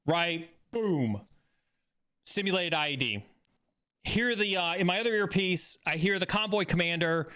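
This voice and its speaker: A man hosting a live stream, telling a story in a casual, animated way that rises excitedly when he acts out a scene. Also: high voice, a little slow, clean tone. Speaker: stream host.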